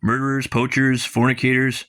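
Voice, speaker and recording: A man's voice: medium pitch, little pitch movement, normal speed, a bit bright. A man casually reviewing a comic page by page, rambling with lots of fillers and reading dialogue aloud.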